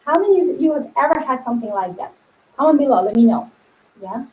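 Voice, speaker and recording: A woman spiritual coach talking to her viewers in a casual teaching video, animated, laughing often and acting out inner voices. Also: high voice, fast talker, echoey room, dull audio, a little hiss or hum.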